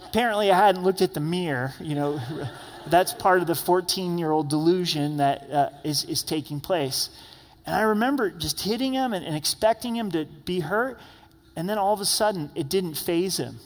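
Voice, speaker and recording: A man with a high voice delivers a sermon from the pulpit. He tells his stories with animation and gives the quoted characters voices of their own. His words ring out with the long reverb of a church sanctuary. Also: animated, moderate pace. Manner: storytelling, acts out quoted voices. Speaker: pastor.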